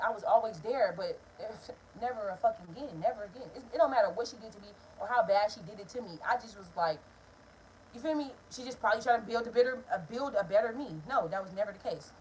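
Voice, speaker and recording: A young woman vlogger telling a story, blunt and profane in an animated casual storytime. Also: fairly high pitch, slight background noise, low-quality recording.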